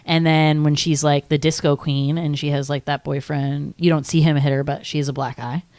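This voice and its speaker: A woman's voice: low-pitched, level tone, moderate pace, a little mellow. A young woman co-hosting a podcast, rambling through a film discussion with lots of "like" and casual swearing. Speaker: podcast co-host.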